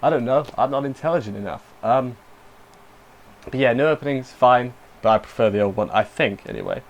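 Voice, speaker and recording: A young man talks through an anime episode in a loose, rambling way. His voice sits at an ordinary middle pitch, and he keeps cutting himself off to add emotional asides. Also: sing-song, fairly quick, dull audio. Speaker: anime reviewer. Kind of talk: casual spoken review.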